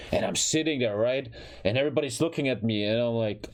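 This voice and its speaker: While he plays a game, a man with a German accent talks quickly in a medium-pitched voice, sharing a personal story. His delivery is animated and casual, full of swearing and phrases repeated for emphasis.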